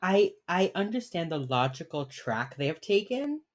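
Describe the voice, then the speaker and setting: A woman's voice: on the low side, big pitch swings, normal speed. A woman co-hosting a podcast, rambling through a TV episode recap, swearing casually and laughing often. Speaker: podcast co-host.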